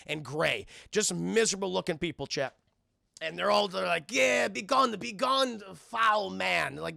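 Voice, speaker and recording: Gravelly, excitable young male streamer. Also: sits high, dry recording, clean studio sound. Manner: profane, excitable, keeps addressing chat. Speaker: streamer reviewing a film. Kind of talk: casual livestream commentary.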